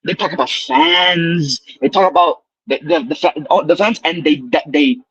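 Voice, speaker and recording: A man's voice: fairly high pitch, moderate pace, fairly bright tone, slightly rough, lo-fi sound. A man calling in to a fan show, ranting heatedly and repeating himself to drive his points home. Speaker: caller. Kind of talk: casual chat.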